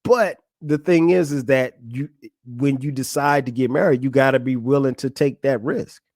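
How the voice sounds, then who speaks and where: A man in his forties gives casual, frank advice on a podcast. He talks directly to a friend and laughs often. His voice is mid-pitched and recorded dry and close, with no room sound. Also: normal speed, darkish tone, no room sound. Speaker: podcast host.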